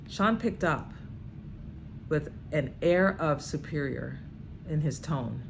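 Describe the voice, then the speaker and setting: A woman vlogger reading a book aloud with dramatic emphasis and breaking in with her own emphatic comments. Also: background noise. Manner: emphatic, with sudden high outbursts.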